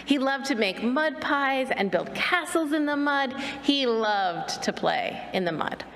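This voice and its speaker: A woman telling a children's story at a church service, gently animated and asking her listeners questions. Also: high-pitched, measured pace, long reverb tail.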